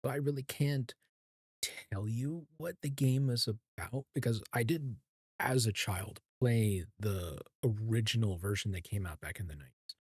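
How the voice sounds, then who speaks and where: A man in his thirties chatting calmly while streaming a game, soft-spoken and hesitant, with many ums and restarts. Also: lowish voice, normal speed, slightly rough, dry recording, studio quality. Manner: calm, soft-spoken and even. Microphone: streaming mic with equalizer.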